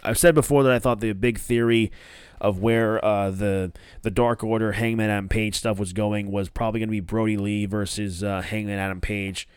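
A man hosts a casual solo review, rambling with restarts and offhand swearing. His voice is smooth and resonant. The recording is dry and close. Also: on the low side, steady tone, moderate pace, no echo. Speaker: wrestling podcast host.

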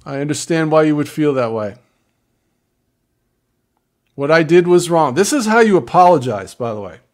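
Earnest man coaching, slightly high voice. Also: big pitch swings, normal speed. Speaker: relationship advice speaker. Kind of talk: instructive advice talk to viewers.

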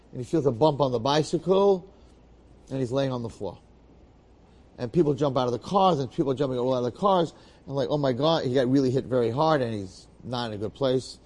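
A man telling a long story aloud in a lively, dramatic way, repeating phrases and adding asides. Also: mid-range voice. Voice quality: bearded, uses Yiddish and Hebrew terms. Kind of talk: animated oral storytelling.

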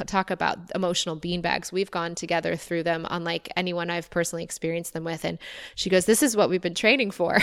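A woman hosting a solo podcast, talking in a soft, earnest, reflective way about spiritual matters. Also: on the low side, smooth. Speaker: podcast host.

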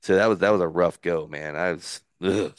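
A man in his forties, a former pro pitcher, telling stories as a podcast guest and laughing along. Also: moderate pace, clean tone, no echo. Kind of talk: casual storytelling.

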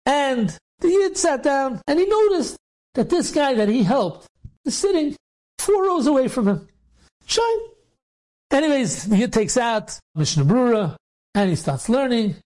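A rabbi telling a story with animated delivery, acting out the dialogue in different voices and speaking in loose phrasing with restarts. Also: male voice, extremely high pitch, a little slow. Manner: acts out the dialogue in different voices, sometimes shouting; loose spoken phrasing with restarts and repeated words.

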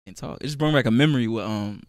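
A man's voice: mid-range voice, fast talker, no room sound, studio quality. A young man co-hosting a podcast, telling a funny story in slangy casual talk and laughing often. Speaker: podcast co-host. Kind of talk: casual chat.

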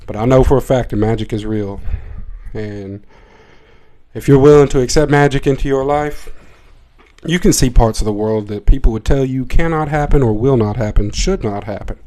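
Podcast guy rambling through a funny story, swears a lot, dark mellow voice. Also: medium pitch, normal speed. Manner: profane, excitable, rambling with restarts. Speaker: podcast host. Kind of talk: comedic storytelling monologue.

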